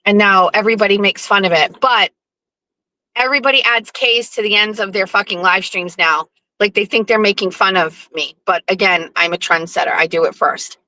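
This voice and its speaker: Bright, brash woman ranting on a stream. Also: medium pitch, moderate pace, rough recording. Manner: profane, animated storytelling with sarcastic asides. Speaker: show host. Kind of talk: casual live-stream monologue.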